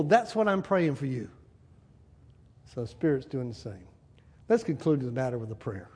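A man preaching a sermon as a pastor, animated, asking the congregation questions and acting out little scenes. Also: medium pitch, normal speed, creaky, pauses often, husky. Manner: animated, asks the crowd, acts out little scenes. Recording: hall reverb.

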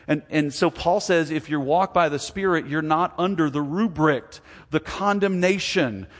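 A male pastor in his forties delivers an earnest sermon in a fairly high voice. He slips into acted-out exchanges with God to make his points, and his voice rings out with a long reverb, as if filling a large sanctuary. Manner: earnest, acts out dialogue with God in lively voices.

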